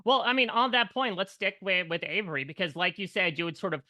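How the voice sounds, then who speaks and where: An interviewer with a bright, forward tone. The questions run long and wind through several clauses before they land. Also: mid-range voice, animated, fast talker, no room sound.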